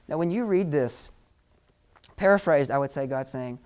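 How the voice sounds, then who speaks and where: A man preaching a sermon in an earnest, emotional way, slowing down with heavy pauses for emphasis. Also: a little high, lively intonation, darkish tone, smooth, lo-fi sound.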